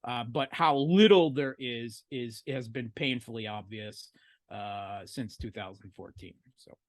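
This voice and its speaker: A middle-aged man from the United States speaks at a medium pitch, stumbling through fillers and restarts with a sardonic edge. He talks from home over a call, and the sound is dry and close with no room around it. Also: measured pace, no room sound. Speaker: podcast guest, analyst. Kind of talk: casual interview talk.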